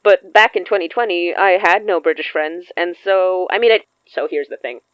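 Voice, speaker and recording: A woman co-hosting a podcast about her audio drama, talking in a quick, chatty way and laughing often. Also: fairly low pitch, clear, resonant tone, no room sound, highs cut off. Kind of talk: casual chat.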